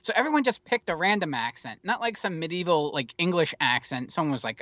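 Male podcast co-host, casual and rambling, profane asides, crisp dry close sound. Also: on the high side, big pitch swings, brisk, hardly any pauses, sharp tone, no room sound, dull audio. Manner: rambling, wry and profane, with many fillers. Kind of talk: casual movie chat.

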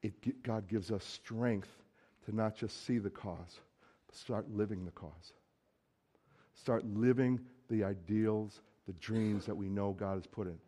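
A man's voice: lowish voice, a little slow, dark tone. A man preaching a sermon in a conversational, emphatic way, acting out quoted lines.

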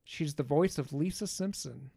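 A man's voice: on the high side, normal speed, creaky, background noise. Profane, joking man recapping a movie. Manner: loose, profane, joking asides. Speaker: podcast host. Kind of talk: casual movie recap chat.

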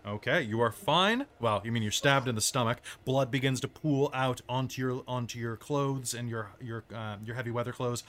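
A woman running a tabletop game as game master, narrating combat in vivid, measured detail. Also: rumbling low, fairly bright tone, slight background noise.

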